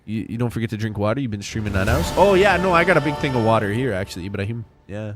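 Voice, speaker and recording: Excitable slangy young man streaming. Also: on the low side, rapid-fire, background noise. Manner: loose, excitable, slangy, chatting to viewers. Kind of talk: casual live-stream chat.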